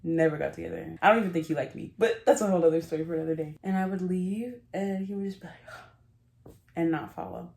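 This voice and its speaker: A woman's voice: on the low side, lively intonation, quick pace, a little mellow. A woman vlogger telling a rambling, giggly story in casual confessional chat, often cutting herself off. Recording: roomy echo.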